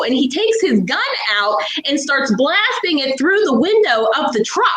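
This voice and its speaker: A young woman from Pittsburgh tells a wild story as a podcast guest, animated and quick to laugh. Her voice sits high and sounds bright and sharp. It rings out in an echoey room. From Pittsburgh, USA. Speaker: guest author. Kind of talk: casual storytelling.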